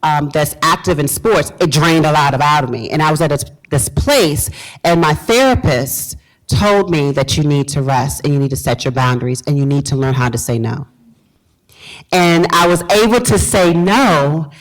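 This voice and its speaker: A woman's voice: low-pitched, moderate pace, poor audio. A woman from Virginia, a pastor giving a motivational talk to a live audience, repeating key phrases and quizzing the room. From Virginia, US South. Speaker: pastor and speaker.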